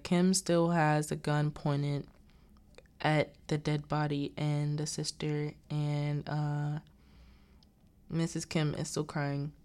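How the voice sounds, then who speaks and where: A young woman who reviews movies casually recaps a film's plot, quoting the characters' lines along the way and dropping in "like" as filler. Her voice sits low and sounds a little mellow.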